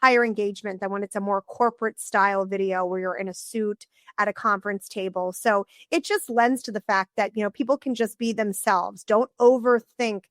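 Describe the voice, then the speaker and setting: A woman's voice: medium pitch, fairly even intonation, fairly quick, few pauses, no echo, studio quality. A woman co-hosting a podcast, making points in a thoughtful, conversational way. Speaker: podcast co-host. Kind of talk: casual conversational interview.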